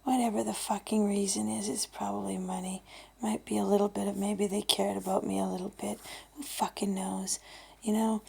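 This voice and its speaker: Gravelly fifty-year-old woman, blunt and swearing. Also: medium pitch. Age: 50s. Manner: blunt, heavy swearing, hushed and breathy then loud. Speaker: vlogger. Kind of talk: candid personal vlog.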